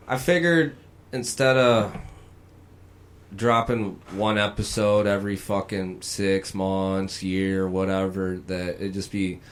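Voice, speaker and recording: A man as a podcast guest in casual chat, joking and swearing with quick interjections. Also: low-pitched.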